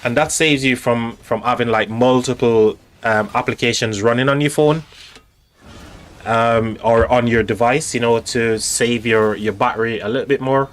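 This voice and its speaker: A man's voice: mid-range voice, fairly even intonation, moderate pace. Chatty male live-streamer talking to chat. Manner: chatty, rambling, talks directly to chat with many fillers. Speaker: live-stream host spectating a strategy game. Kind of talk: casual live-stream commentary.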